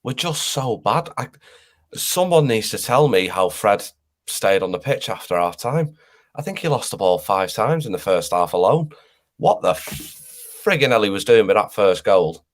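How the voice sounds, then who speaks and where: A man on a football fan panel rants in exasperation and swears freely. His voice sits a little low. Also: big pitch swings, unhurried. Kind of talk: casual fan panel chat.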